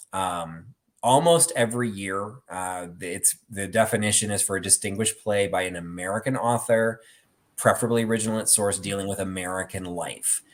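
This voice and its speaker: A middle-aged man with a fairly low voice hosts a relaxed talk. He rambles through anecdotes, sprinkling in "um" and "you know" as he goes. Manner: rambling storyteller with many fillers. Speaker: host. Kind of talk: casual chat about theatre collectibles.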